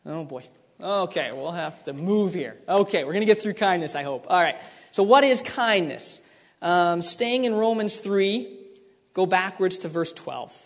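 A man's voice: high-pitched, expressive, a little slow. Guy preaching, loose conversational teaching, lots of restarts, big echoey hall. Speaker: pastor. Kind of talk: sermon. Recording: long hall reverb.

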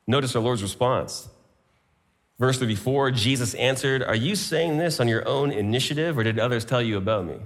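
A man's voice: medium pitch, moderate pace. A man preaching a sermon, citing scripture references as he goes. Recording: long hall reverb.

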